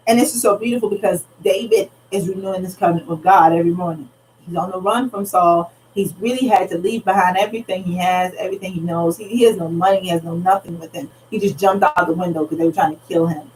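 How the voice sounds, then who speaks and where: Earnest low-voiced woman teaching scripture. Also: quick pace, a little mellow. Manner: earnest, retells scripture in casual everyday speech. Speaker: pastor teaching a Bible study. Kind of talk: conversational Bible study teaching. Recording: slightly distant mic, faint background noise.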